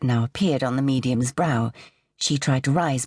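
A woman narrating a suspense audiobook in a measured, suspenseful way. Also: very deep voice, a little mellow, breathy edge, dry recording, studio quality. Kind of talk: scripted narration.

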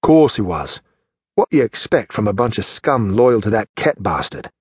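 A man's voice: on the low side, big pitch swings, moderate pace, husky, no echo. A crude street thug brags and sneers in a coarse voice. A man plays him in a storybook reading. The sound is close and dry. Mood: sneering.

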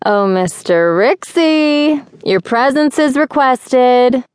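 A friendly shop clerk speaks in a slow, drawn-out sing-song, as a woman narrator puts her on. Her lines sound set a bit apart and are recorded dry for a storybook audiobook. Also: lowish voice, no echo, natural voice. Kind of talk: audiobook character voice.

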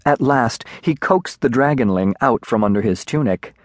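A man narrating a children's storybook in a measured, expressive way on a close studio mic. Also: mid-range voice, no room sound. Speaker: audiobook narrator.

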